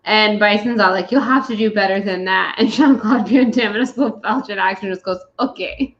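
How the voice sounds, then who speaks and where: A woman's voice: medium pitch, fairly quick, dull audio. A woman hosting a tipsy movie review, rambling and giggling and swearing as she talks. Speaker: show host.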